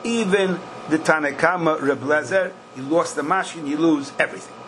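A man's voice: fairly high pitch, moderate pace. An older man leads a Talmud class in a slightly raised voice. He asks questions in a lilting singsong and hits key points with sudden bursts. A faint hiss sits under the recording. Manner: questioning singsong, bursts of emphasis, Yiddish-style Hebrew terms. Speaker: Talmud teacher.

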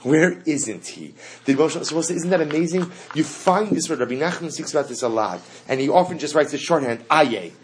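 A man's voice: on the high side, fast talker, hardly any pauses, a little hiss or hum. A man teaching a Torah lesson to a class. He asks the students questions and repeats the key phrases.

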